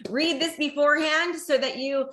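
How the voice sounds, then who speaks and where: A woman host promotes an event with gushing excitement. Her voice is high and bright, and the room around her echoes. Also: normal speed.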